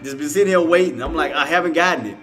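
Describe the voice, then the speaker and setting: A man's voice: on the high side, rapid-fire, music in the background. A man giving casual, rambling live trading commentary, talking to himself, laughing often and using slang. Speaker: stock trading streamer.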